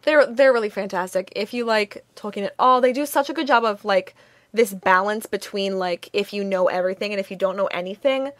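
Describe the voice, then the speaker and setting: A woman's voice: mid-range voice, brisk, no echo. A young woman with a Minnesotan accent, co-hosting a podcast in casual chat, gushing and giggly with lots of fillers. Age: young adult. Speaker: podcast co-host.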